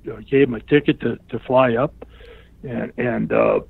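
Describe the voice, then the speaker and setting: An older man, a wrestling guest, tells a lively story in a casual interview, acting out what other people said and laughing often. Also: medium pitch, normal speed, vocal fry, husky, no echo. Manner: animated storyteller who acts out the other people's lines. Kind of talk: casual anecdote in a remote interview. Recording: tinny phone-like line.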